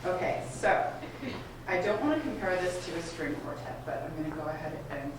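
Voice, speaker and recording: A woman's voice: lowish voice, sing-song, brisk, background noise. Encouraging woman coaching strings, echoey room. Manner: encouraging, directive, asks many questions. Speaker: masterclass coach. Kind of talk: coaching a student string ensemble. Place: rehearsal room at a community center. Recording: echoey room, far from the mic. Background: string instruments playing.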